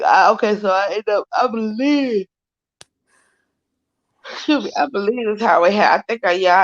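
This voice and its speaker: A woman's voice: medium pitch, no room sound. A young woman co-hosting a casual storytime chat, rambling in slang and often correcting herself. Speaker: co-host. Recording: dull lo-fi dry sound.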